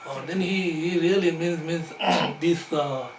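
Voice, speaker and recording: A man whose first language is Tibetan gives a dharma talk, halting and padded with fillers and soft chuckles. His voice sits a little high for a man. He is recorded from a distance in a reverberant hall, with clear background noise. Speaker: Buddhist teacher. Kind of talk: dharma teaching. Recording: echoey room, distant mic, background noise.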